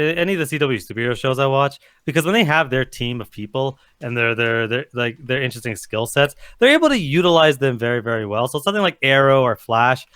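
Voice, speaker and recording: A man's voice: a little high, bright, forceful tone, clean tone, dry recording, clean studio sound. A man co-hosting a casual chat, giving rambling, emphatic opinions full of fillers. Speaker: co-host, TV reviewer.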